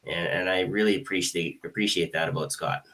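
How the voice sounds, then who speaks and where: Deep-voiced Canadian man, off-mic. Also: a little fast, fairly bright tone. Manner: joking, then earnest and complimentary. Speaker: co-host hypnotist. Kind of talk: casual live-stream chat. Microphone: video call mic set back from the speaker. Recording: distant mic.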